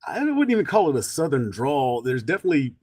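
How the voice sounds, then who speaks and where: A man co-hosting a live podcast, who laughs often and throws in quick joking remarks. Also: mid-range voice, huge pitch swings, a little mellow, no echo, clean studio sound. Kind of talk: casual live-stream chat.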